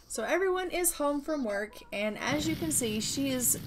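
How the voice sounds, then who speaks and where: A woman narrates her gameplay casually, chatting and teasing her characters with sarcastic asides. Her voice sits a little high, with a faint hiss behind it. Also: lively intonation, moderate pace. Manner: chatty, sarcastic, exclaims freely. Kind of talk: casual let's-play narration.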